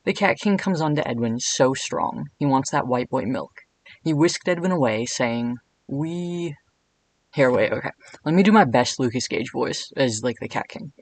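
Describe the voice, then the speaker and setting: A man narrates a comedic video essay, irreverent and jokey throughout. He drops dry, deadpan asides between his points. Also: mid-range voice, normal speed, rough recording.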